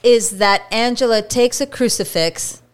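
A woman's voice: on the high side, measured pace, clean tone. A woman co-hosting a podcast, chatting casually and wryly about a movie and often agreeing with her co-host. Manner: agreeable, wry, chiming in. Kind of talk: casual movie review chat.

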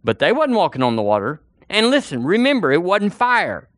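A man's voice: high-pitched, wildly swooping pitch, a little fast, a bit bright, dry recording, clean studio sound. A man preaching a sermon as pastor, folksy and full of rhetorical questions.

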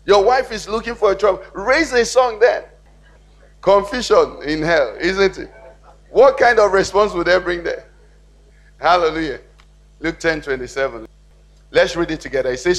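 High-voiced pastor preaching. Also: male voice, animated, normal speed, fairly bright tone. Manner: preaching with call-and-response questions to the congregation. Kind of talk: sermon. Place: church.

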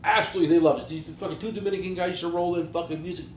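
A man's voice: fairly high pitch, steady tone, rapid-fire, echoey room, noisy background. A man, telling stories in casual chat with blunt, profane language. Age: 40s. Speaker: podcast co-host, business owner.

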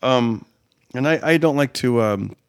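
A man's voice: mid-range voice, a little slow, clear, resonant tone, dry recording, studio quality. A man who does stand-up, chatting casually about shows on the road, rambling and full of "like" and restarts. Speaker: stand-up comedian. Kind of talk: casual chat, telling road stories.

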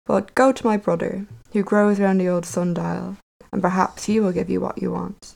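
A woman's voice: medium pitch, fairly even intonation, moderate pace, creaky, darkish tone, poor audio. A woman voicing a proud rose tree with white blooms in a storybook tale, speaking in a lofty, poetic way.

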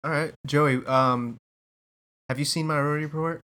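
A man's voice: fairly high pitch, fairly even intonation, normal speed, sharp tone. A man hosting a casual movie podcast, putting questions with many hesitations. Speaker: podcast host.

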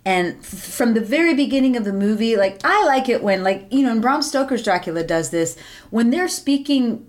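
A woman's voice: fairly high pitch, normal speed. Woman cohost riffing on a bad movie, casual and mocking. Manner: animated, mocking, acts out scenes. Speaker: podcast co-host. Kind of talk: casual movie review chat.

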